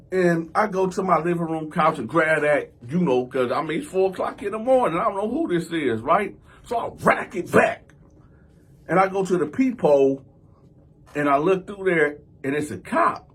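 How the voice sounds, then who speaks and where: A man's voice: high-pitched, expressive, moderate pace, a bit bright, breathy edge. A man hosting his own channel, telling a personal story in a loose, conversational way and acting out scenes with sound effects. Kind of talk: storytime vlog.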